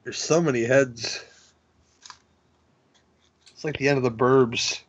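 A man's voice: medium pitch, steady tone, slow pace, slightly rough, dry recording. A man co-hosting a casual movie commentary chat, sharing film trivia in a rambling way with restarts, on slightly dull lo-fi audio. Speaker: podcast co-host.

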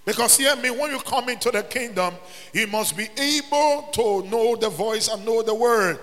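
A man preaching a sermon as pastor, building into shouts and sung phrases. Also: very high-pitched, normal speed. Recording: long reverb with faint music.

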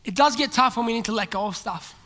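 In a large church hall, with soft music in the background and long reverb, an Australian preacher talks fast in a very high-pitched voice. His sermon tells a story, and he acts out what its characters say.

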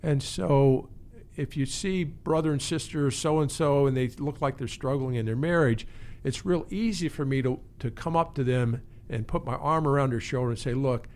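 A man's voice: mid-range voice, moderate pace, darkish tone. A man who is a pastor and teaches pastoral care, speaking earnestly and reflectively in an interview, often restarting his phrases. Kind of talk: conversational interview.

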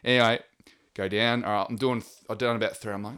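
A man's voice: fairly low pitch, fairly even intonation, quick pace, a bit bright, clean tone. A man co-hosting a podcast, telling stories in a casual, rambling way with lots of swearing. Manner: rambling, swears freely, acts out quotes. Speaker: podcast co-host. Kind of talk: casual storytelling chat.

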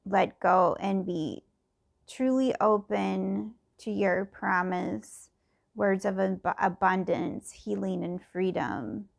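A woman's voice: medium pitch, steady tone, takes it slowly, vocal fry. A middle-aged woman thinking aloud in a casual personal podcast, meandering and full of fillers and restarts.

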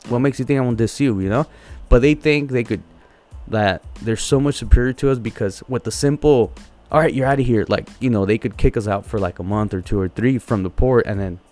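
A man's voice: medium pitch, fairly quick, dark tone, faint music behind. A man on a podcast telling a heated story, swearing constantly and repeating words as he goes. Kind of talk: casual profane storytelling.

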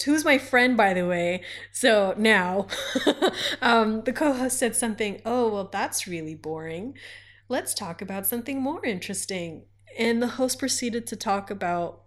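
A woman in her twenties, a radio host, telling a story in a casual interview. She talks in an animated way, laughs often and acts out the voices of the people she quotes. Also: mid-range voice.

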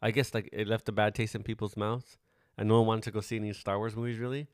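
A man's voice: lowish voice, level tone, fast, smooth, no echo. Laid-back swearing man, dry close sound. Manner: laid-back, swears often, rambling storyteller. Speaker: podcast host. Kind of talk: casual chat.

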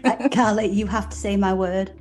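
Mellow-voiced British woman chatting. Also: medium pitch, normal speed, soft background music. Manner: laughs often, animated storytelling. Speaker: podcast co-host. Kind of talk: casual chat.

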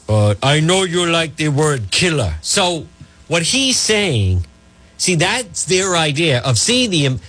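A man hosting a talk radio show, talking in a rambling, animated way and addressing the listeners as folks. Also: on the high side.

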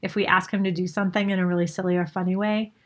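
A woman's voice: on the low side, flat delivery, racing. A woman co-hosting a podcast, chatting in a reflective, thoughtful way with rambling phrases. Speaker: podcast co-host. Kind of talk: casual conversational podcast chat.

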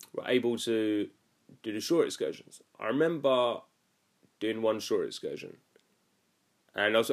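A young man telling a story about his cruise ship job in a casual, rambling and chatty way. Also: mid-range voice. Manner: rambling, chatty, lots of "like" fillers. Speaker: former cruise ship youth activities worker.

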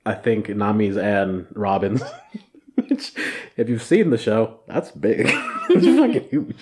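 A man co-hosting a casual podcast chat, animated, swearing freely and laughing through his lines. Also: on the low side, slow pace. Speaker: podcast co-host.

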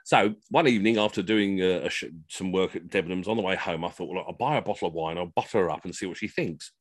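A man's voice: low voice, fast talker, dry recording. A middle-aged man and costumed history entertainer, telling rambling, self-mocking comic stories over a video call from home.

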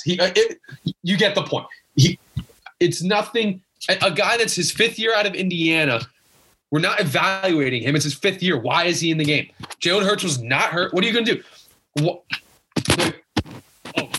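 A man's voice: fairly high pitch, bright, forceful tone, a little hiss or hum. A young man ranting as a guest sports fan in casual chat, exasperated and emphatic, repeating himself as he argues. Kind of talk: casual rant.

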